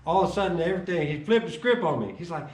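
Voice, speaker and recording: Animated man telling his testimony, echoey room. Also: sits high, racing, far from the mic. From Chicago. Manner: animated storyteller acting out dialogue. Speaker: testimony speaker. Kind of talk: personal testimony storytelling.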